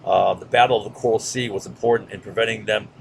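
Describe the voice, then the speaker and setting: A man's voice: fairly low pitch, steady tone, fast, vocal fry, background noise. A man giving a casual history lecture over a map, with lots of fillers and "right?" checks. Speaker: history teacher.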